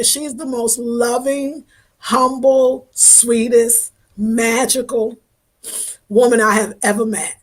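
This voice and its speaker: A woman's voice: a little high, level tone, slow pace. A woman hosting a casual livestream, thanking viewers by name in an effusive, affectionate way, her voice wavering with emotion at times. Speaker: livestream host reading viewer comments.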